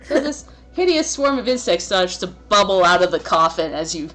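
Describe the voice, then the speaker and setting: A woman's voice: mid-range voice, sing-song, normal speed, crowd noise. A young woman narrating a tabletop game as game master, laughing often and hesitating while she sorts things out.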